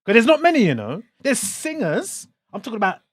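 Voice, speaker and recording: A man's voice: very high voice, huge pitch swings, fairly quick, no echo. Upbeat male radio DJ, dry sound. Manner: enthusiastic, hypes the guest. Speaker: radio DJ and host. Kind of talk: radio interview.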